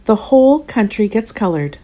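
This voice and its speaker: A stubborn, excitable little boy from a bedtime storybook, played by a woman reading aloud. His voice is raised high and bounces up and down, with a mellow warmth underneath. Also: normal speed. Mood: cheerful. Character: stubborn young boy who hates mess.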